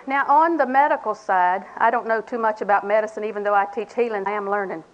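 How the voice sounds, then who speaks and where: A woman's voice: medium pitch, quick pace, muffled recording, a little hiss or hum. An older woman preaching a sermon in a folksy, humorous way, acting out little conversations. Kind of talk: sermon to a women's audience.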